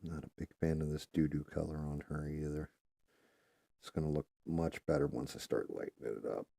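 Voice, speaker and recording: A man's voice: very deep voice, steady tone, moderate pace, creaky, warm tone, dry recording. A man hosting a live stream, talking bluntly and profanely in casual chat. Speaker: live show host.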